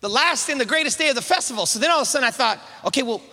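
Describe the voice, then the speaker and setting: A man's voice: extremely high pitch, lively intonation, rapid-fire, sharp tone, big-room sound. A man preaching a sermon, calling the congregation to answer back and often repeating words as he builds up. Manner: call-and-response, rising to emphatic preaching; repeats words at starts of phrases.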